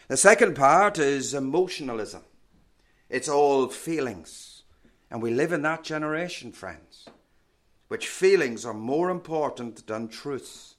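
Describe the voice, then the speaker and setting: A man preaching a sermon in a measured, emphatic teaching manner, often asking rhetorical questions. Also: on the high side.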